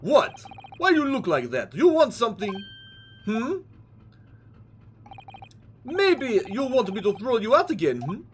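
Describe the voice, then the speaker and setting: A man's voice: very high-pitched, wildly swooping pitch, normal speed, few pauses, mellow, slight background noise, voice pushed up, full character voice. A man voicing a big, surly sailor from a game who threatens and glares. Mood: menacing. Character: beefy gruff male sailor, menacing and surly.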